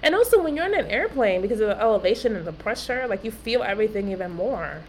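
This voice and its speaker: A woman's voice: medium pitch, sing-song, fast, a little hiss or hum, poor audio. A woman co-hosting a podcast in casual chat, giggly and reactive, speaking from a room with an air conditioner. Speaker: podcast co-host.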